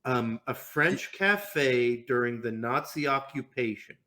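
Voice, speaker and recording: A man's voice: mid-range voice, lively intonation, slow pace, pushed and bright. A man co-hosting a casual podcast chat, telling long rambling stories and laughing easily. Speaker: podcast co-host.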